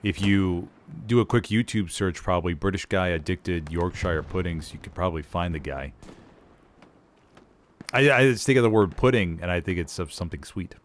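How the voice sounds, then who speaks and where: A man giving live play-by-play commentary on a game as its caster, relaxed and rambling, with loud excited bursts at big plays. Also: deep voice, normal speed, slight background noise. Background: game gunfire and artillery.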